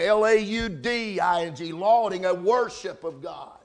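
A man preaching a sermon, building from steady teaching to shouted emphasis, spelling out key words. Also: high voice, moderate pace, hardly any pauses. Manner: rising to shouts, spelling out words, answering amen. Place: church service.

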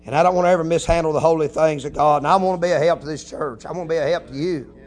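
A man preaching a folksy sermon, telling a story quietly, then building to shouted preaching with hallelujahs. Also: fairly high pitch, fairly even intonation, racing. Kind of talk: Pentecostal-style sermon.

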